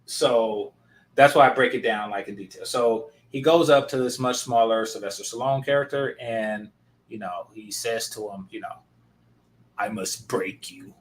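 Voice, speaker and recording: A man's voice: medium pitch, moderate pace. Male reaction host, blunt and sarcastic, casual talk. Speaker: commentator reacting to a clip.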